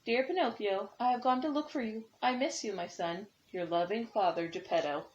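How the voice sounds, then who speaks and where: A woman voicing a loving, worried old father reading his letter softly, on a dull lo-fi recording. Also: fairly high pitch, moderate pace, reverberant, natural voice. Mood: tender.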